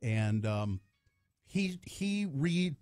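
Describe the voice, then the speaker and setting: A middle-aged man hosts a radio show from the studio. He tells a story in relaxed conversation and laughs often. His voice moves all over his pitch range, lively and expressive. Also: drawn-out words, faint music behind. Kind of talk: casual radio talk.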